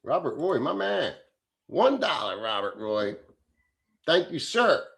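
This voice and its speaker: A man's voice: fairly high pitch, very animated, slow pace, vocal fry, a bit bright. Blunt, crude man ranting on a livestream. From Southern Illinois, USA. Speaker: livestream host. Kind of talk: livestream chat reading.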